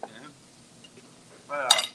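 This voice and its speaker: A Texan man in his forties hosts a podcast from a restaurant, telling stories slowly amid heavy background noise. His casual chat is profane and rambling, packed with "like."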